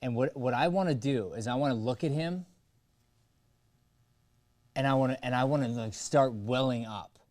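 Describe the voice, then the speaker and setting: A man's voice: medium pitch, moderate pace, pauses often, a little mellow, dry recording. A man coaching an online acting class, in a loose, rambling, casual way over a video call. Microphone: webcam or phone on a video call.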